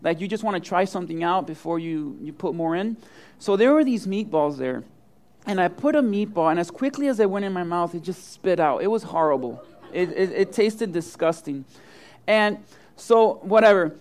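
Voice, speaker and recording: A middle-aged male pastor preaching a sermon, telling funny personal stories and acting out the quotes with big swings in voice. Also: normal speed. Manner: animated storyteller, acts out quotes with big swings of pitch and loudness.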